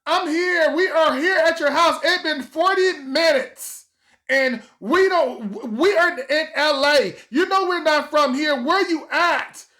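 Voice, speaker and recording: A man putting on a high, impatient scolding mom. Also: slow pace, sharp tone, exaggerated voice. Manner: insistent, scolding. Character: impatient worried mother calling her son.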